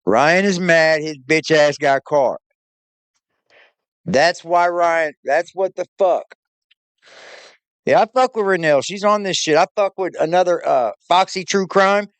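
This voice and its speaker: A man's voice: a little high, unhurried, pauses often, smooth, no echo. A man hosting a reaction show, casual, profane and mocking, laughing often. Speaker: reaction channel host.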